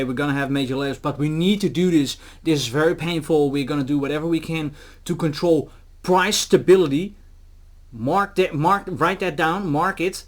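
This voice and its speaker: Male trading commentator, slightly high pitch, chatty, filler-heavy delivery. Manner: animated, acts out officials in quotes, many fillers. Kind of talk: casual market commentary to camera.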